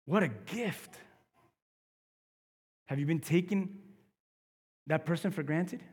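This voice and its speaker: Husky-voiced preaching pastor, man. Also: fairly high pitch, takes it slowly, in a large hall. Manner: preaching with swings from hushed to loud emphasis. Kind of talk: sermon. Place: church sanctuary.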